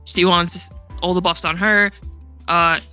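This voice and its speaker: A woman's voice: fairly low pitch, little pitch movement, slow pace, bright, forceful tone, faint music behind. A young woman talking in a casual gaming podcast chat, rambling and laughing often, her voice getting worn. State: losing her voice. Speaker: podcast guest.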